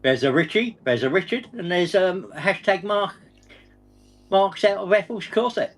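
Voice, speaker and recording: A man co-hosting a casual football chat chips in with teasing banter. His voice is a little high for a man, with faint music playing behind him. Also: animated, moderate pace, fairly bright tone. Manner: teasing banter with frequent laughs. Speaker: co-host.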